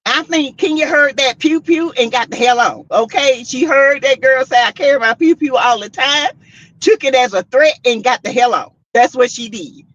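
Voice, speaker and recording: A woman hosting a casual commentary stream, reading out chat comments and making her points with animated, repetitive emphasis. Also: sits high, moderate pace, hardly any pauses. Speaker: host. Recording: dull lo-fi sound.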